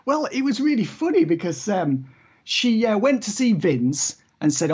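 Wry podcaster, husky and lo-fi. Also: mid-range voice, big pitch swings, unhurried, darkish tone. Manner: wry, laughs often, opinionated. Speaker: podcast co-host. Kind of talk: casual podcast chat.

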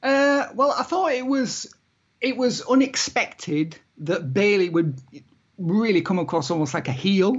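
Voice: mid-range voice, lively intonation, a little slow, slightly rough, muffled recording. A podcast co-host in casual chat, wry and opinionated, laughing often.

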